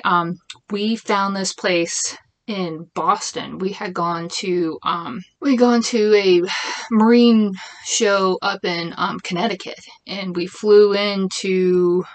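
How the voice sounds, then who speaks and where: Casting: woman, 30s, mid-pitched, rambling casual vlogger, exasperated and chatty. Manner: rambling, chatty, frequent restarts and "like"; exasperated venting. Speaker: small business owner. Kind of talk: casual chat.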